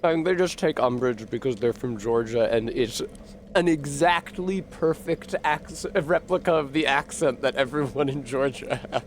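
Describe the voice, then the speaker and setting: A man's voice: medium pitch, normal speed, a little hiss or hum. A man streaming a video game, with casual commentary full of profane, sarcastic outbursts.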